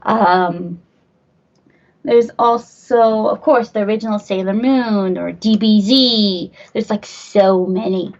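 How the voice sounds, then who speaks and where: A woman's voice: mid-range voice, slow, a little mellow, dull audio. A woman hosting a podcast in casual chat, gushing and rambling, swearing casually. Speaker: podcast host.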